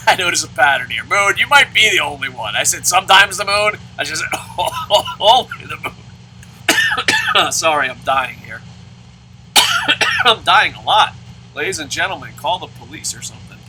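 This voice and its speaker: A man's voice: a little high, wildly swooping pitch, normal speed, pauses often, sharp tone, a little hiss or hum, low-quality recording. A man hosting a let's play, commenting on a baseball game and answering viewer comments in a profane, ranting way.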